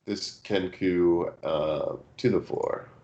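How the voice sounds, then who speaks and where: Game master, male, very low voice, slow and halting narration. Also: warm tone, highs cut off. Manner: unhurried, hesitant with many fillers.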